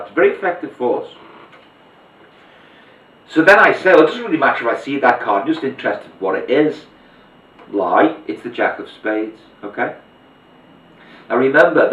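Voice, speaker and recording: A low-voiced man talks through a card trick step by step, chatty and hands-on as he demonstrates. He sits back from the mic in a roomy space, and the recording sounds dull and muffled. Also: far from the mic. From Liverpool, England. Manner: chatty, step-by-step explaining while handling cards. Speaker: magician teaching a card trick. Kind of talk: demonstration tutorial.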